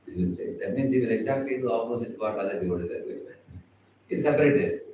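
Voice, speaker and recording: A man's voice: medium pitch, fast, dark tone, a little hiss or hum. A man with an Indian English accent giving a chatty devotional class, laughing often and acting out the people he quotes. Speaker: spiritual teacher. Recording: echoey hall, far from the mic.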